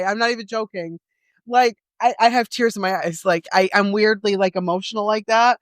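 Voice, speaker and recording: A young adult woman co-hosting a podcast in casual chat, slangy and expressive, often laughing as she talks. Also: medium pitch, normal speed, no room sound. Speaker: podcast co-host.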